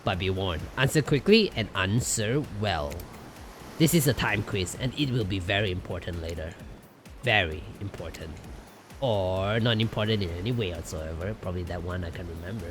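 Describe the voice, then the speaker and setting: A man's voice: low-pitched, animated, normal speed, fairly bright tone, soft background music. A man streaming a game live, reading its text aloud and joking between lines. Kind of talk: live gameplay commentary and reading.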